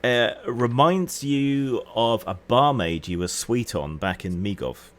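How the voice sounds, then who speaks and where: A man running an online tabletop game as game master, narrating scenes in a relaxed, descriptive way. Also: medium pitch, slow. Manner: relaxed, descriptive, hedging with "sort of".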